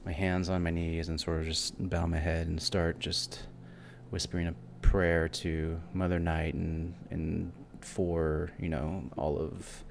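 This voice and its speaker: Male player, low voice, slow hesitant delivery, faint music behind. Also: level tone, gravelly, slight background noise. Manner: hesitant, halting, with many fillers. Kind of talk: in-character tabletop role-play.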